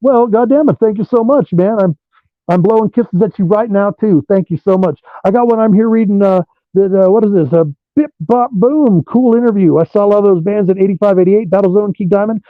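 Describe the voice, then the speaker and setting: A man, a rock guitarist being interviewed over a remote call, telling animated stories and swearing freely. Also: sits high, fairly quick, dry recording. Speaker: guitarist guest. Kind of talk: profane storytelling interview. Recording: dull lo-fi dry sound.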